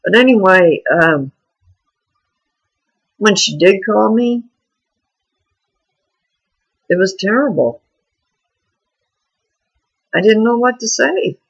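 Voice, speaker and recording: Husky gravelly voice, slow unhurried talk, frank rambling video diary, dull lo-fi sound. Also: mid-range voice, animated, a bit bright. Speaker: vlogger. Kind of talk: candid personal video diary.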